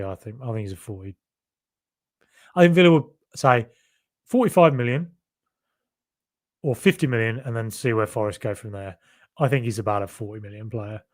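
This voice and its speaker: A young man from Solihull with a faded Birmingham accent, hosting a casual podcast chat and rambling as he reads out viewer comments. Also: mid-range voice. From Solihull, Birmingham area. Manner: rambling, self-correcting, chatty. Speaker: podcast host.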